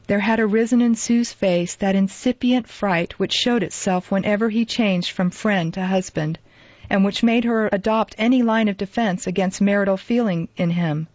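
Woman reading a classic novel aloud, measured, dull dry lo-fi audio. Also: mid-range voice, a little mellow, no room sound. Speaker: audiobook narrator. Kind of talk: scripted narration.

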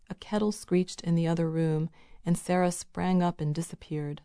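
A woman narrating a novel in a measured, even reading. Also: lowish voice, clear, resonant tone, no room sound, studio quality. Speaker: audiobook narrator.

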